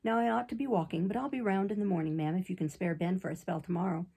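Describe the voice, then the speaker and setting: A woman reading an audiobook, voicing a plain-spoken middle-aged father and former circus rider, with a gravelly, husky voice. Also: fairly low pitch, fast talker, warm tone. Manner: plain folksy country speech.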